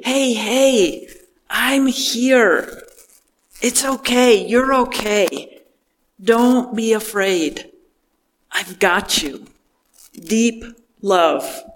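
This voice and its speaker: A man preaching a reflective sermon, speaking gently with pauses between phrases. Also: sits high, big-room sound.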